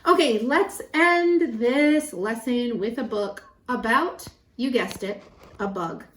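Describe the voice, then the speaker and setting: Brief: female pre-K teacher, slightly high voice, very slow deliberate pacing, echoey room. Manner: animated and encouraging, counting syllables slowly. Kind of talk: children's lesson.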